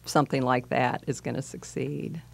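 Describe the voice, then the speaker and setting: A woman co-hosting a casual podcast chat, speaking in a measured way with frequent ums. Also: very deep voice, flat delivery, vocal fry. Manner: measured, with many ums and listening sounds. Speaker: librarian co-host.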